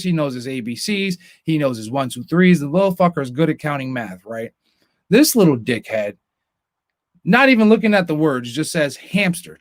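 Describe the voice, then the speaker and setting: A man's voice: a little high, no room sound. A young man hosting a podcast, telling a long story as a profane, ranting storyteller in casual chat. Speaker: podcast host.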